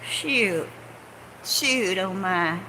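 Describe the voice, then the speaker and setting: A woman rambles through a casual home vlog, sarcastic and quick to swear, mocking people in put-on voices. She talks slowly, in a bright, clear voice. A faint room hum sits behind her. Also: mid-range voice, expressive. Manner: sarcastic, swears, mocks people in put-on quotes, laughs often; jumps between topics. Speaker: vlogger. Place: home, on couch or bed.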